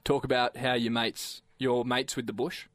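Joking Australian bloke, dry studio sound. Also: male voice, mid-range voice, flat delivery, normal speed, a bit bright, no room sound. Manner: jokey, teasing, half-sings song lines. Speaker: radio co-host. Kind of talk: casual banter with a mate. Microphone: studio microphone.

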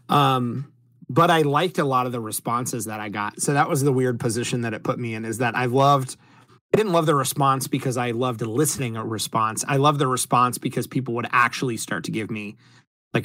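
A man from the United States hosting a podcast, talking in a reflective, measured way with frequent filler ums. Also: mid-range voice, pushed and bright, no room sound. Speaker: podcast host. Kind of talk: casual podcast chat.

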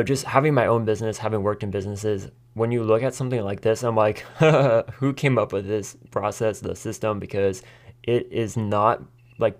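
Chatty American man telling a story. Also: fairly low pitch. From United States. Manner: chatty, laughs often, acts out quotes. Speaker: podcast host. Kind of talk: casual solo storytelling.

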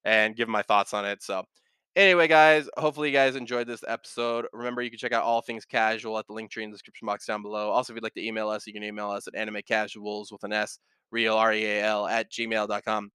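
A man hosts a podcast in a loose, rambling chat, stopping and restarting his sentences and swearing casually. His voice is bright and very clear. The sound is dry and close, with no room around it. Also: fairly low pitch, little pitch movement, quick pace, dry recording. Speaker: podcast host.

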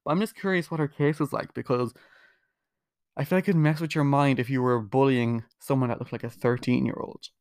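A man's voice: medium pitch, steady tone, brisk, darkish tone, clear, resonant tone, no echo, clean studio sound. A young man hosting his own podcast, rambling casually, swearing freely and putting himself down, with lots of "like" fillers. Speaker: podcast host. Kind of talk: casual solo podcast monologue.

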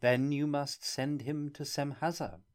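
Mild, quietly ironic young player, pitched above the reader's usual voice, a male narrator doing him. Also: fairly even intonation, measured pace, lightly acted. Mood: soft. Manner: mild, soft-spoken, subtly ironic. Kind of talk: audiobook character reading.

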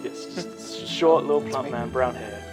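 A man's voice: mid-range voice, normal speed, music in the background. A man narrating as game master, laid-back and stop-start, often laughing.

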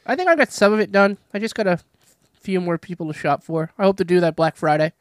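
A man's voice: high-pitched, expressive, quick pace, clean tone, dry recording, studio quality. A man with a head cold, co-hosting a podcast in blunt, casually profane chat. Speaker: podcast co-host.

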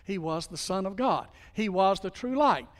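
A man preaching a sermon as pastor, in a conversational way with rhetorical questions, often dropping to quiet emphasis. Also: high-pitched, expressive, normal speed, big-room sound. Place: church sanctuary.

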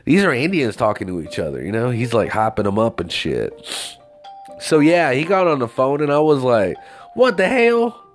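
A man telling a story in a casual, profane, rambling rant with lively swings of pitch. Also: normal speed, faint music behind.

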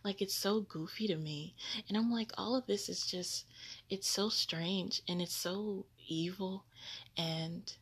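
Lady doing a chatty faith podcast, lots of like and you know, husky voice, slow. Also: mid-range voice. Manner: rambling, many fillers like "like" and "you know"; grows incredulous and laughing, repeating "what?". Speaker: podcast host. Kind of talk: casual religious podcast monologue.

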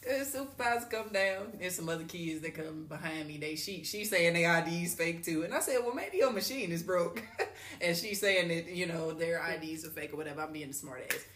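A woman's voice: lowish voice, fairly quick, a bit bright, reverberant. A woman co-hosting a podcast, telling a story in a casual, slangy way and laughing often. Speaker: podcast co-host.

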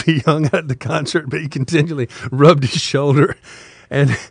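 A man's voice: mid-range voice, no room sound. An older man, a podcast host with a talk radio past, casually telling a rambling story with repeated words.

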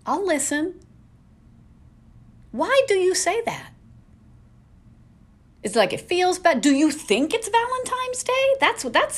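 A woman hosting a casual solo podcast from home, ranting in an exasperated way with lots of rhetorical questions. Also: high-pitched. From New England. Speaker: podcast host.

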